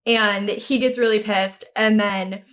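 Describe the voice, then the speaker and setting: A woman's voice: medium pitch, steady tone, takes it slowly, a bit bright. A woman co-hosting a podcast, retelling a movie plot in casual chat, swearing freely and acting out the lines. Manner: blunt, swears freely, laughs often, acts out lines. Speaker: podcast co-host.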